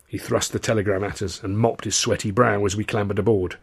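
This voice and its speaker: A man, the author, reading his novel aloud in measured, dry first-person narration. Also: lowish voice, steady tone, vocal fry, slightly rough.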